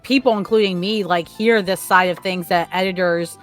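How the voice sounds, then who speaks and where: A woman's voice: fairly low pitch, fairly even intonation, normal speed, soft background music. A woman hosting an interview, listening with frequent small affirmations and reflecting back on what her guest said. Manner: encouraging, frequent short listening noises. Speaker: podcast host. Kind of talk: casual interview chat.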